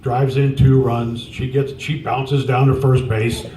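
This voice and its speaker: A man in his sixties, a softball coach, giving a tribute speech in folksy storytelling style, acting out the dialogue. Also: medium pitch, level tone, unhurried, a little hiss or hum. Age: 60s. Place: large room at a memorial gathering. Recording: roomy, from far off.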